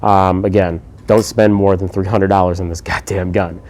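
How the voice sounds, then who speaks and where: A man giving a casual, laid-back firearms review, swearing freely and filling pauses with lots of ums and uhs. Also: low voice, little pitch movement, darkish tone.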